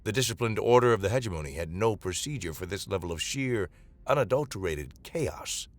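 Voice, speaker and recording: Low-voiced man narrating sci-fi. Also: expressive, soft background music. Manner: dramatic, measured reading. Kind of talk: dramatic sci-fi story narration.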